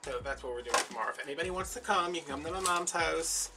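A man's voice: on the high side, fast talker. Guy yakking away while he crafts, off-mic, music going in the back. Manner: chatty, rambling, many fillers. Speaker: craft vlogger. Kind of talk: casual storytelling while crafting. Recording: mic at a distance with clear background music.

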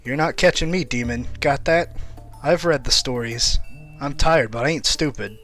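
A man voicing a tired, suspicious young man who talks bluntly and roughly. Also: medium pitch, normal speed, fairly bright tone, soft background music, natural voice. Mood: wary. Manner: rough, blunt working-class talk.

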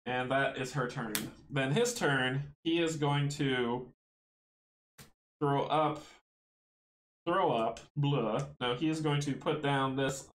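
A man's voice: mid-range voice, measured pace, few pauses, a bit bright, echoey room, slight background noise, low-quality recording. A man playing a tabletop board game solo, thinking aloud, counting out moves and chuckling often.

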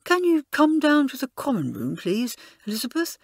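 A woman's voice: high voice, sing-song, moderate pace, dry recording, clean studio sound, pitched above the performer's own voice. A woman voicing an uneasy schoolgirl who speaks unhappily. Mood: unhappy. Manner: unhappy, hesitant.

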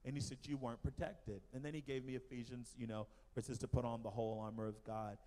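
Guy sharing a church testimony, mid-pitched voice, lots of ums, big hall echo. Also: quick pace. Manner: animated storytelling with fillers. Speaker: missionary speaker. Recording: long hall reverb.

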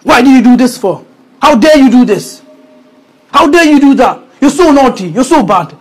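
A man voicing a furious parent who scolds and disowns their child, shouting and repeating threats. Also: a little high, lively intonation, quick pace, slightly rough. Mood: angry. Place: mosque gathering.

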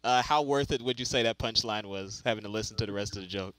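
A man's voice: on the low side, fast talker, fairly bright tone, dry recording, poor audio. A man telling a long joke in casual chat, rambling and repeating his words as he goes. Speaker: joke teller.

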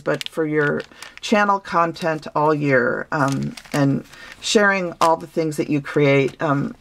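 On her craft vlog, a woman opens handmade gifts in a casual, gushing and sentimental way, using many fillers. Her voice is low-pitched with vocal fry, and there's slight background noise.

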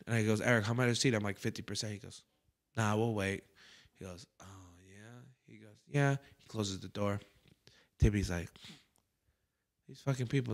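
A man's voice: medium pitch, brisk, pauses often. A man hosting a comedy podcast, telling a story in a casual, profane way and acting out other people's quotes as he goes. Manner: profane, animated anecdote-telling with acted-out quotes. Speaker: comedian host.

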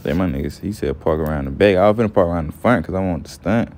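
Deep-voiced young man telling a slangy story. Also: fast, a little mellow. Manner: laid-back, profane, says "you feel me" often. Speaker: gameplay storyteller. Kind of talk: casual slangy story narration.

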